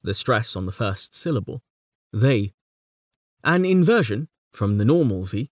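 Measured man reading a lecture on verse. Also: medium pitch, sing-song, no room sound, studio quality. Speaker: lecturer on poetry. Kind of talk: scripted educational narration.

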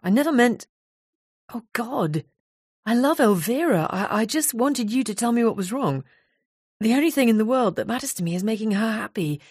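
A woman voicing a flustered, apologetic man who stammers and rushes his words in an audiobook. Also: mid-range voice, lively intonation, creaky, husky, no room sound, studio quality, exaggerated voice.

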